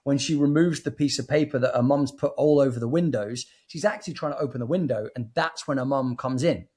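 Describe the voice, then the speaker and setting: Husky man sharing film theories. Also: mid-range voice, a little fast, darkish tone. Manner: eager, rambling, many restarts. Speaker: podcast guest. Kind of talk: casual film review chat.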